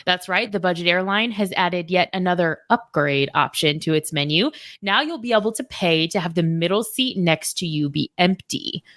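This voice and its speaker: A woman's voice: lowish voice, moderate pace, few pauses, a bit bright. A woman co-hosting a radio show, reading news items and chatting and laughing with the host. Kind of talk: casual chat and news reading. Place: radio studio.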